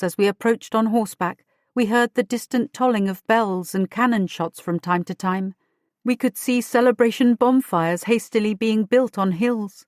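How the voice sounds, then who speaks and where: A woman giving a measured first-person audiobook narration. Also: medium pitch, no echo, clean studio sound. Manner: measured, storytelling.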